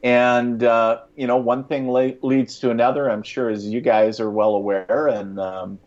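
A man's voice: medium pitch, flat delivery, a little slow, a little mellow. Man telling a story in a muffled recording. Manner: rambling, many fillers and restarts, chuckles often. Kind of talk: casual spoken storytelling.

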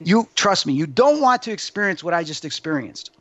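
A man with a somewhat high voice tells his story in an animated, emphatic way, guest on an interview. The sound is dry and close, but dull and lo-fi, with no room around it. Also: a little fast, dry recording. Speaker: psychic medium guest.

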